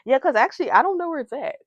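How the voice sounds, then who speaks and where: Hyper, giggly and rambling, a young woman talks casually to her makeup vlog audience as a beauty vlogger. Her high-pitched voice comes through a wireless receiver mic with dull audio and no room sound.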